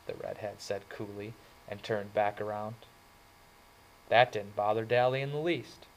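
A man's voice: on the low side, level tone, measured pace, vocal fry, rough recording. A man reading a novel aloud in the first person, in an earnest, plain storytelling manner. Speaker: audiobook reader.

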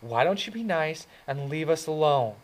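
A man reads out a cool, sharp-tongued teenage girl, her voice pitched well above his own and pushed a bit louder. She sounds biting and dismissive, a storybook girl who will not be pushed around. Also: lively intonation, moderate pace, close to an everyday voice, poor audio.

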